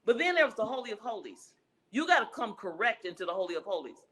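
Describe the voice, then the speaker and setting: Bright, emphatic woman relationship expert. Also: medium pitch, big pitch swings, fast, slight background noise, poor audio. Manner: emphatic, preacher-like, repeats key phrases. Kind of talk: conversational interview answers.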